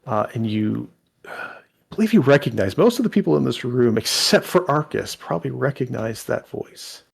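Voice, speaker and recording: Gravelly game master narrating. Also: male voice, mid-range voice, lively intonation, moderate pace. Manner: rambling, many restarts and fillers.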